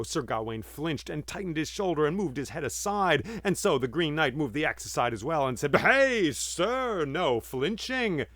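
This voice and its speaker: Measured storyteller man, dry close sound. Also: on the high side, a bit bright, no room sound. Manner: measured, dramatic, vivid. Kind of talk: oral storytelling.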